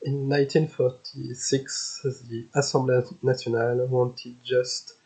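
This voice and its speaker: French-accented male historian, husky, measured conference reading. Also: medium pitch, low-quality recording. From France. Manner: steady, measured delivery, reading from slides. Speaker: historian presenting a paper. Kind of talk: prepared conference talk, read aloud.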